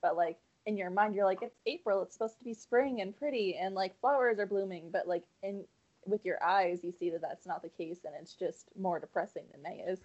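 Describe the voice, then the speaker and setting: A woman from Canada co-hosting a podcast, speaking in a relaxed casual chat with dry humor. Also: mid-range voice, brisk. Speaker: podcast co-host. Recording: dull lo-fi sound.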